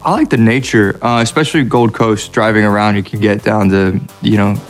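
A man's voice: on the low side, fairly even intonation, brisk, faint music behind. A man with an American accent, chatting casually as a guest in an interview, laid-back and self-deprecating. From United States. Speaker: actor guest.

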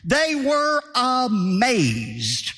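A man's voice: very high voice, wildly swooping pitch, extremely slow, pushed and bright, in a large hall, soft background music. A man preaching a sermon as pastor, emphatic, asking rhetorical questions and hammering points home with repetition.

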